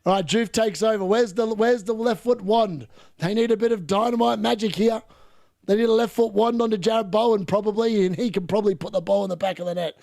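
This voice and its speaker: A man calls a football match live for his viewers, loud and excitable. His voice sits high and carries a gravelly rasp. He yells at missed chances and teases the players without mercy. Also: a little fast. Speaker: watchalong streamer. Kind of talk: live match commentary and reaction.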